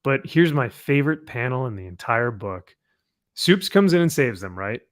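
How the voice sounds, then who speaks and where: A man's voice: mid-range voice, big pitch swings, normal speed. A man hosting a casual live comic review chat, recapping books with sarcastic asides. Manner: sarcastic, reads comic dialogue aloud mockingly. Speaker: comic review show host.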